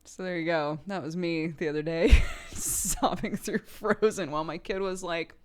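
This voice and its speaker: Chatting with her audience in a relaxed way, this young woman streamer speaks at a moderate pace with a smooth voice. She laughs frequently and her pitch jumps when excitement hits.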